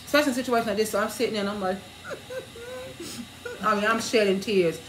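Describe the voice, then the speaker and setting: A woman co-hosting a casual chat, telling a personal story in an animated way and often laughing as she acts out what others said. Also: medium pitch, rapid-fire. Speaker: co-host. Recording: roomy echo.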